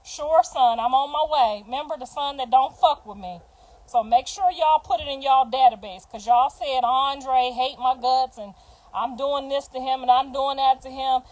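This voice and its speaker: A middle-aged woman livestreaming, telling a family story in a blunt, profane, animated way, acting out what each person said. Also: high voice, moderate pace, rough recording.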